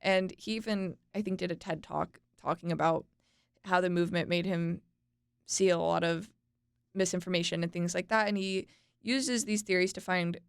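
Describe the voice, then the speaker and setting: A woman's voice: lowish voice, steady tone, normal speed, vocal fry, clean tone, no echo, clean studio sound. A young woman co-hosting a podcast, chatting casually, laughing and tripping over names as she explains a topic. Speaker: podcast co-host.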